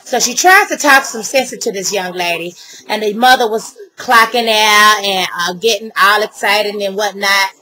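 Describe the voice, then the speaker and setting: A woman's voice: medium pitch, normal speed, sharp tone, poor audio. A middle-aged woman ranting to camera, heated and blunt, with a lot of swearing. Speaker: vlogger.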